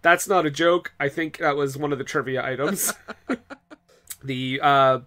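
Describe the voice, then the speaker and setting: A man's voice: fairly high pitch, a little slow, sharp tone. A man co-hosting a podcast about bad movies, chatting casually and joking with frequent laughter. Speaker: podcast co-host. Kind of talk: casual chat.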